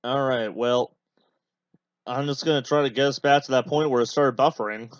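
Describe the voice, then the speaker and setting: A man's voice: medium pitch, steady tone, moderate pace, clean tone, no echo. Rambling young man on a lo-fi mic. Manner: rambling, many fillers, chatty asides. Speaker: podcast host. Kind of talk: casual watch-along commentary.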